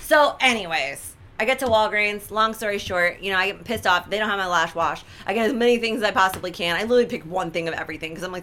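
A young woman telling a story to her followers in casual chat, animated and dramatic, with frequent "right?" asides and exaggerated quoted voices. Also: mid-range voice, fast talker, hardly any pauses, slight background noise. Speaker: social media storyteller.

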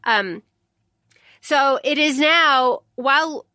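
Bright high-voiced woman podcaster. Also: extremely slow, dry recording. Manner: frank, swears freely, acts out lines from the book. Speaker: podcast co-host. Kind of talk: casual book discussion chat.

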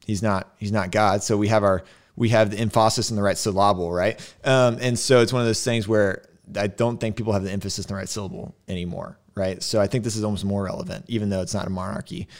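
A man with a fairly low voice leads a casual podcast chat about scripture. His delivery is emphatic, and he keeps asking "right?" as he works through the verses. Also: fairly even intonation, fast talker. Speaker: podcast host teaching scripture.

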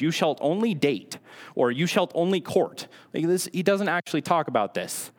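A young man giving a casual, conversational sermon with sarcastic, self-deprecating asides. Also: a little high. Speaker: preacher.

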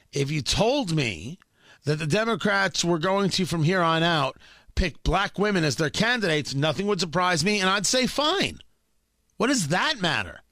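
A man's voice: high voice, fairly bright tone, no echo, clean studio sound. A man hosting a political talk show, giving sarcastic, emphatic, incredulous commentary.

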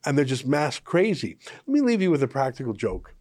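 A man's voice: mid-range voice, very animated, a little fast, darkish tone, no echo, studio quality. A man from Canada hosting an opinion commentary show, talking in a sarcastic, mocking and emphatic way.

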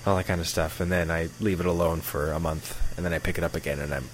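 A man's voice: low-pitched, steady tone, quick pace, slight background noise. A man in his thirties, a podcast co-host, telling rambling stories in easygoing casual chat.

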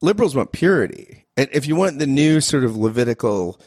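A male host in a conversational interview, questioning his guest quickly, with frequent restarts. His voice is mid-range and sounds dry and close. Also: mid-range voice, big pitch swings, a little mellow, dry recording.

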